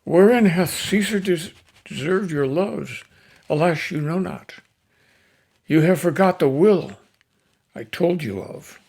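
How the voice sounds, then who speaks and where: A man's voice: fairly high pitch, slow pace, creaky, long pauses, darkish tone, slightly rough, pitched above the performer's own voice, heavily acted. A man reading the part of a grieving Roman orator, declaiming to stir a crowd. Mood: impassioned. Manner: impassioned, declamatory.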